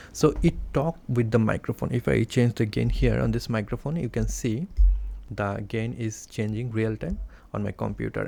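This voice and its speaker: A man's voice: medium pitch, creaky, dark tone. A man explaining a device step by step in a plain, careful way, with small grammar slips, recorded close on a desk mic indoors. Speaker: tech reviewer. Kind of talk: product review demonstration. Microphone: desk condenser mic, close up.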